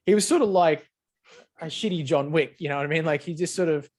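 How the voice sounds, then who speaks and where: A man's voice: fairly high pitch, brisk, darkish tone. A man co-hosting a podcast in laid-back, sweary casual chat, laughing often. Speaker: podcast co-host.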